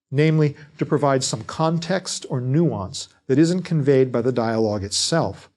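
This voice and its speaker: A male lecturer delivers a prepared talk on writing. His voice sits at a middle pitch, and his delivery is measured and deliberate. He lays out each point in steady, explanatory phrases. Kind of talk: scripted lecture.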